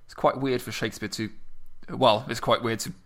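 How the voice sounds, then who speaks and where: A man's voice: medium pitch, fairly even intonation, fairly quick, fairly bright tone. A man with a mid-range voice, speaking casually as a podcast co-host. He is tentative and self-effacing, and often stumbles at the start of a thought. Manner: modest, tentative. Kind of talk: casual discussion.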